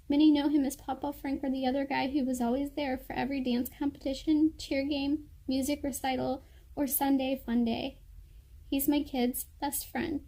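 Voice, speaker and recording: High, flat-toned woman reading earnestly. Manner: earnest, heartfelt. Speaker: vlogger. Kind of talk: reading a personal letter aloud.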